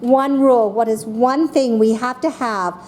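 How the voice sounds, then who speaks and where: A woman teaching a class of young children, speaking slowly and patiently and calling on each child by name. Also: a little high, slight background noise. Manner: slow and patient, calling on children by name, voicing excited examples.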